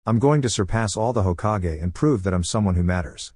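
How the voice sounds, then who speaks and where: A cheerful, determined young girl training as a ninja, as a man narrating the story reads her part. The delivery is calm and confident in a fairly low voice. The recording is close and dry. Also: brisk, no room sound.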